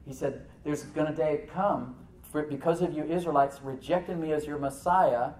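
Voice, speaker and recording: A pastor preaching in a roomy, echoing church, picked up from some distance off the mic. He is animated, firing rhetorical questions at the congregation and dropping into soft asides. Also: fairly high pitch, normal speed. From United States. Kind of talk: sermon.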